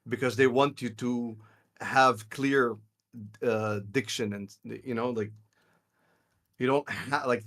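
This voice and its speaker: A man's voice: medium pitch, fairly bright tone. Insistent man arguing on stream. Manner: insistent, argumentative, talks over others. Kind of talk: casual chat among friends on a live stream.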